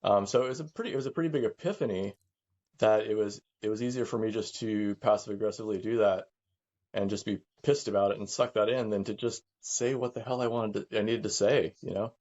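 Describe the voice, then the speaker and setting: A middle-aged man speaking candidly as a guest, halting and reflective, often repeating words as he works through his thoughts. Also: fairly low pitch, fairly even intonation, a little mellow, highs cut off. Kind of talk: candid conversation.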